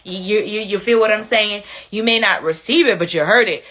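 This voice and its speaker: Bright-voiced woman hosting casual commentary. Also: medium pitch, fairly quick. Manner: conversational, repeats phrases to stress a point. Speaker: commentary channel host.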